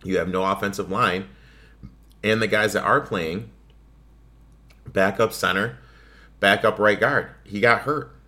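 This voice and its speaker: A man's voice: fairly low pitch, steady tone, measured pace, long pauses, sharp tone. A man hosting his own sports betting podcast, talking casually and ranting with plenty of swearing. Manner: profane, ranting, offhand. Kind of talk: casual solo podcast monologue.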